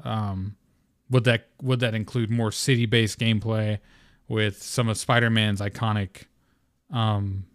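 A man's voice: fairly low pitch, level tone, a little slow, dry recording, studio quality. A man hosting a casual solo podcast, rambling with lots of "um" and "like" and swearing freely. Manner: rambling, profane, filler-heavy. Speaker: podcast host.

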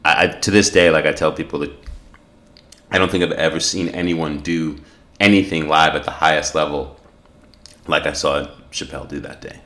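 A man's voice: very deep voice, steady tone, normal speed, pushed and bright. A middle-aged man from South Africa, a podcast guest, telling a personal story in an earnest, reflective way, with many fillers and restarts. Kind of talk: storytelling in casual conversation.

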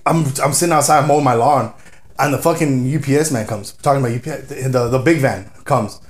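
A man's voice: medium pitch, fairly quick. A man from Dallas, Texas, guesting on a podcast and telling stories in a casual chat. He swears freely and acts out quotes with a raised voice. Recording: roomy echo.

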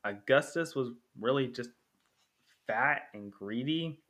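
A man's voice: medium pitch, slow, a bit bright. A man hosting a casual podcast monologue comparing two films, rambling with many fillers and acting out characters' lines. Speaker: podcast host.

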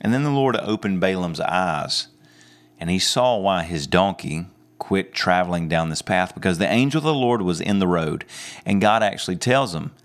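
Low-voiced male preacher telling a story. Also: moderate pace. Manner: animated storytelling with chuckles. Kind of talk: sermon.

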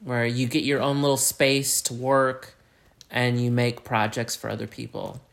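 A woman's voice: very deep voice, little pitch movement, unhurried, gravelly. A tired woman co-hosting a podcast, retelling a story in a rambling, profane, joking way. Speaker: podcast co-host. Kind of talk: casual storytelling chat.

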